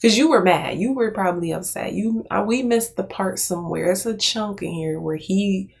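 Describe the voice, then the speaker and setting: A woman's voice: mid-range voice, normal speed, gravelly, a little mellow. American woman, reaction commentary, chatty, incredulous, laughs a lot, recorded at home. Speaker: commentary youtuber. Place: room at home with a cat nearby.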